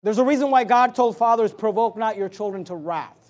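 High-voiced man preaching a sermon. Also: brisk, darkish tone. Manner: emphatic preaching with repetitions and asides. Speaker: pastor.

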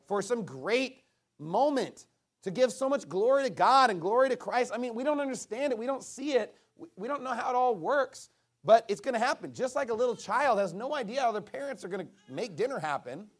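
A man delivers a sermon in a notably high-pitched voice. He is emphatic, surging into loud, forceful bursts, then dropping to low, quiet stretches. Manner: emphatic, swings between booming and hushed. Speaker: preacher.

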